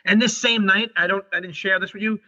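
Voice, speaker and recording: A middle-aged man, a guest on an interview show, telling a story in a rushed, animated way and often restarting his sentences. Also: high-pitched. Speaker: guest, comedian and paranormal investigator. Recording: dull lo-fi recording.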